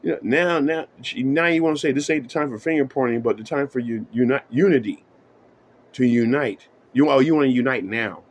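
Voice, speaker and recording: A man's voice: medium pitch, a little fast. Man ranting casually to camera. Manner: profane, emphatic, repeats "you know what I'm saying". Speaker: vlogger.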